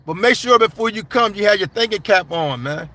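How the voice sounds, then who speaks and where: A man gives casual live-stream commentary, reading viewer comments aloud and answering bluntly while calling people y'all and man. His voice sits high, with lively intonation, a brisk pace, and a sharp tone.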